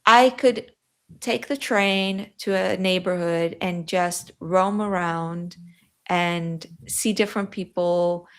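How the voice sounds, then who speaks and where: A woman's voice: lowish voice, fairly even intonation, slow, a bit bright. A woman with a Yiddish accent, Yiddish as her first language, chatting as a podcast guest and often breaking off mid-sentence. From New York, USA. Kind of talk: podcast conversation.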